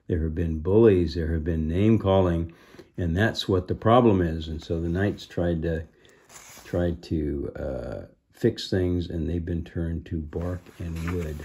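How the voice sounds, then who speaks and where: A man reading a children's book aloud, pausing to explain the story in asides. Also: low voice, breathy edge. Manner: unhurried, mellow, adds explaining asides.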